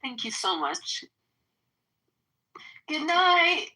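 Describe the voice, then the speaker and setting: A woman in casual chat, giggly and animated, with a mid-pitched, bright voice. Her pitch moves about lively as she talks. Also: extremely slow, low-quality recording.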